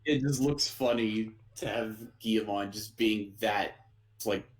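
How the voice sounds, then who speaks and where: Low-voiced man in easygoing podcast chat. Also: takes it slowly, poor audio. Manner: easygoing, hesitant with fillers, laughs often. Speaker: podcast co-host. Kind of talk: casual anime recap chat.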